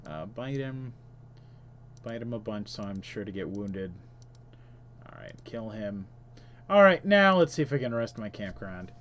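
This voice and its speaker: A man's voice: fairly low pitch, expressive, unhurried, long pauses, a bit bright, slight background noise. A man streaming a computer game, reading its text aloud between offhand remarks, with frequent "uh"s and self-corrections. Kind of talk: casual let's-play commentary.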